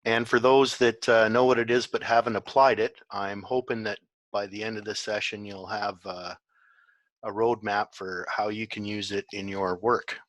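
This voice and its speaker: A man presenting a webinar in a relaxed way, with many fillers. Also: fairly low pitch, moderate pace, no room sound. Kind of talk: online presentation.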